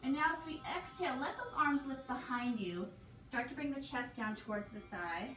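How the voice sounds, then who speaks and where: A woman's voice: high voice, moderate pace, distant mic. Woman guiding yoga in an echoey room. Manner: calm, counts breaths and cues poses. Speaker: yoga instructor. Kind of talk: guided yoga class instruction. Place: hotel room. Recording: echoey room, voice from afar, music behind.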